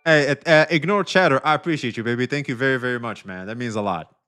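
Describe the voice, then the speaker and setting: A man live-streaming, who swears a lot and keeps thanking donors in a casual, animated way. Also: medium pitch, fast talker, faint music behind. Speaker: livestreamer.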